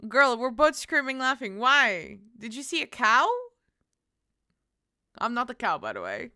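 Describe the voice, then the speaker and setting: A woman's voice: a little high, very animated, unhurried, pushed and bright, clear, resonant tone, no room sound, clean studio sound. A young woman streamer chatting casually with her viewers, giggly and bubbly, with squealing greetings and playful cursing. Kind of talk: casual livestream chat with viewers.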